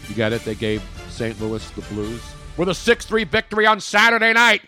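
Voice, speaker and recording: A man's voice: fairly high pitch, big pitch swings, moderate pace, few pauses, sharp tone, soft background music. A man hosting a casual sports podcast, rambling and joking with opinions. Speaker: podcast host.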